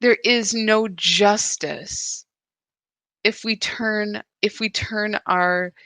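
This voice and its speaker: A woman hosts a live spiritual practice and speaks in a confessional, searching way. Her delivery is unhurried and her voice has a bright, clear edge. The recording is dry and close, with no room sound. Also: mid-range voice, fairly even intonation, no room sound. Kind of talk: live reflective spiritual talk.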